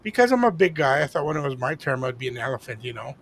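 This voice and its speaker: A man co-hosting a podcast, telling a story in a casual chat and acting out the dialogue with lively energy. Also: mid-range voice, fast talker, slight background noise. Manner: animated, acts out quoted dialogue. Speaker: podcast co-host.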